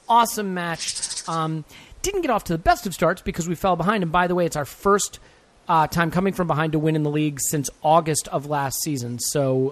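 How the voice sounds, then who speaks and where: A man co-hosts a football podcast, talking in a playful, energetic, jokey way. His voice sits fairly high for a man, and the sound is dry and close. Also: no echo. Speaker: podcast co-host. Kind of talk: casual chat.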